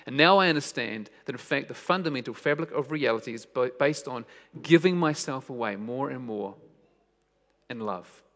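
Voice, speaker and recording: A man giving a sermon, telling stories with soft, hushed moments and emphatic questions. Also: medium pitch, lively intonation, moderate pace. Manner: storytelling, shifts between soft hushed lines and raised emphatic questions. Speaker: preacher. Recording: long hall reverb.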